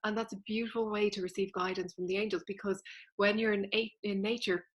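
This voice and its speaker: A woman's voice: medium pitch, little pitch movement, brisk. A woman, a spiritual teacher explaining things earnestly and directly to her viewers in a casual vlog.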